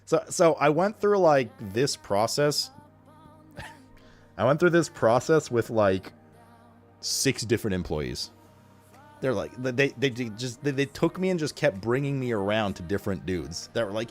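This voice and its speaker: Deep-voiced man rambling to stream chat. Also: normal speed, faint music behind. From Romania. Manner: rambling, excitable, swears a lot. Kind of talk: casual storytelling to stream chat.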